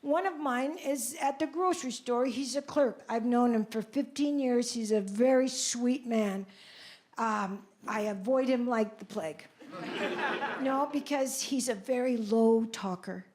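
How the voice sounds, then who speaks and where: A woman in her seventies tells comic stories on a club stage, brash and self-mocking, with big exclamations. Her voice sits high for her age. The crowd is loud and clearly heard behind her. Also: measured pace. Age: 70s. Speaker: stand-up comedian. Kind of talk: live stand-up comedy. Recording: club stage mic with audience noise. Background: audience laughter.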